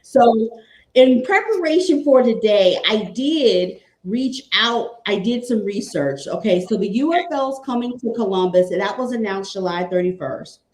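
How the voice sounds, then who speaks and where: A woman's voice: mid-range voice, expressive, moderate pace, echoey room. A woman from Cleveland, a guest chatting casually about football, repeating her points with a fan's enthusiasm. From Cleveland, Ohio. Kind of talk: casual sports chat.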